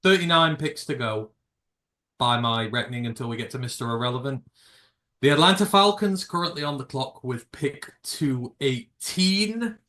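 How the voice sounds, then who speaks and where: British male stream host, loose and rambling, jokey, mid-pitched voice. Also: lively intonation, moderate pace, pushed and bright. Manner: rambling, jokey, swears casually. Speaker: livestream host. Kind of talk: casual live reaction chat.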